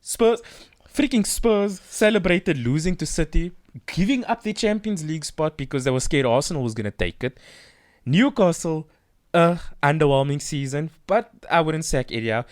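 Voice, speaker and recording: A man co-hosting a casual football podcast, excitable and teasing, often repeating himself. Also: on the high side, normal speed, dry recording, studio quality. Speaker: podcast co-host.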